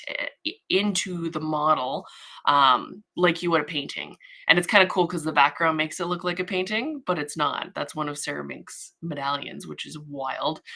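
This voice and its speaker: A woman with a low-pitched but bright, forceful voice chats her way through a casual livestream. She rambles easily as she works, greeting people and humming little filler sounds to herself. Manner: chatty and rambling, hums filler sounds while working. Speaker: livestream host, model horse artist.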